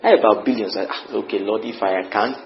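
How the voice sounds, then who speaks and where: A man preaching a sermon, swinging between quiet murmured prayer and excited high shouts. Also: fast talker, highs cut off, slight background noise.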